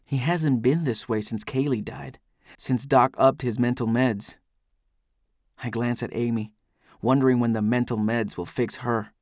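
A man's voice: medium pitch, steady tone, a little slow, darkish tone, dry recording, clean studio sound. A man giving an intense, brooding first-person audiobook narration.

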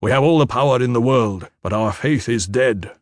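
A man voicing a weary, blunt commander of bodyguards who speaks solemnly and forcefully in an audiobook. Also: medium pitch, normal speed, no room sound, studio quality, natural voice.

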